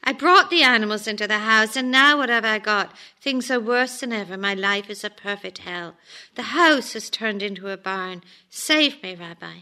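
A woman's voice: mid-range voice, normal speed, sharp tone, clean tone. A woman voicing a desperate poor village man who pleads and laments as she reads a story aloud. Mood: lamenting.

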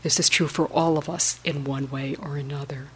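Breathy, gentle woman meditation teacher. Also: sits low, steady tone, moderate pace. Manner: gentle, reflective, often whispery. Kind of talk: dharma talk.

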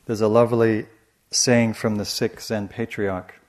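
Man, meditation teacher, dharma talk, gentle measured delivery, somewhat low voice. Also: flat delivery. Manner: soft, measured and reflective, with frequent restarts.

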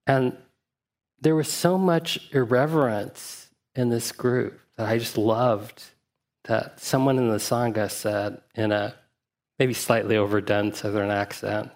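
A man, a meditation teacher, giving a dharma talk at a retreat in a reflective, anecdotal, gently humorous way. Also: lowish voice, little pitch movement. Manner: reflective, unhurried asides with 'uh' and 'you know'.

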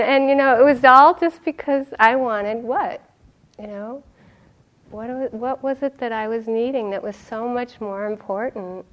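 A middle-aged woman meditation teacher giving a dharma talk, telling stories in an animated way and laughing often. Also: fairly high pitch. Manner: animated storytelling, laughing often, acting out quotes.

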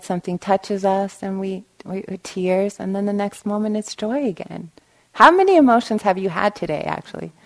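A woman's voice: medium pitch, low-quality recording. A woman meditation teacher giving a dharma talk, often checking in with listeners and telling a story. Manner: warm storytelling with frequent "right?" asides. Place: meditation hall.

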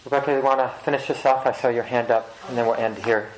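A man with a middle-pitched voice gives a reflective meditation talk, gentle and halting. His voice carries with the echo of a roomy hall. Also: steady tone, a little hiss or hum. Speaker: meditation teacher. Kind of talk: dharma talk.

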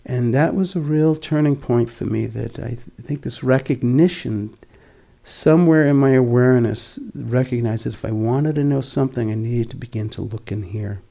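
A man in his sixties from the Boston area, giving a gentle, reflective dharma talk whose voice often drops to a near whisper. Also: medium pitch, moderate pace, vocal fry. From Boston area, USA. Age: 60s. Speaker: meditation teacher.

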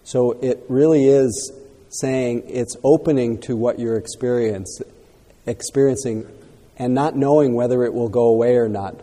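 Calm male meditation teacher in a hall. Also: mid-range voice, normal speed. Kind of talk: dharma talk Q&A. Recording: reverberant hall.

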